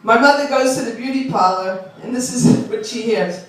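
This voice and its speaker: High-voiced woman comic in her sixties. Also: moderate pace. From Long Island. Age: 60s. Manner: wry, self-deprecating, chatty with the crowd. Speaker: stand-up comedian. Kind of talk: stand-up comedy set. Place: small club. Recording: roomy club sound from a distant mic.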